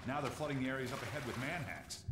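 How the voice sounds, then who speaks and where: A man's voice: mid-range voice, animated, fast talker, lightly acted. An actor playing an adult male resistance fighter in a video game, giving urgent warnings.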